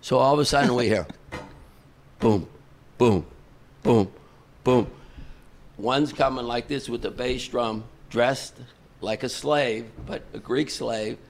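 Older guy, promoter, rambly storyteller, lots of uhs, gravelly voice. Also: medium pitch, a little slow. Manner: rambling anecdote with many fillers and restarts. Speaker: concert promoter. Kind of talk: casual storytelling.

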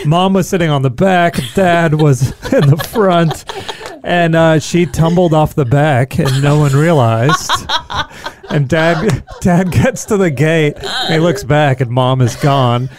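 A man's voice: on the high side, takes it slowly, a crowd in the background. A man hosting a podcast, telling a story with laughs and dry asides. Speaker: podcast co-host. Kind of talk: casual podcast banter.

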